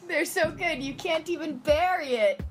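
A woman's voice: high-pitched, measured pace, faint music behind. A woman co-hosting a podcast, teasing and laughing often in casual comedic chat. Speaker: podcast co-host.

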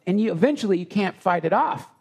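A man with a raised pitch and a gravelly, rough edge tells a heartfelt personal story. He rambles and halts, circling back over his own words. The setting is a live retreat session. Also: lively intonation. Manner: rambling, halting with restarts. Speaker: podcast guest.

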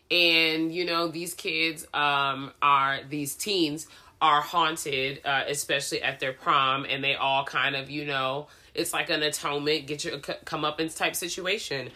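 A woman's voice: deep voice, fairly even intonation, unhurried, pushed and bright. A young adult woman co-hosting a podcast, giving sassy, joking film picks in casual chat. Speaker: podcast co-host.

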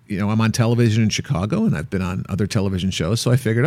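A man co-hosting a travel show, chatting casually and telling an animated, playful anecdote. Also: medium pitch, rapid-fire, hardly any pauses, dry recording. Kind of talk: casual chat.

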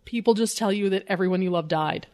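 A woman's voice: mid-range voice, fast, darkish tone. A woman co-hosting a casual comedy podcast, animatedly retelling a comic story, swearing and laughing often. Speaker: podcast co-host.

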